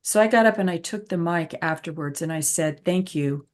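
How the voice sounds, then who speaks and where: A woman who is a patient advocate and host tells a personal story conversationally, earnest and reflective, repeating points for emphasis. Her voice is lowish and a little fast.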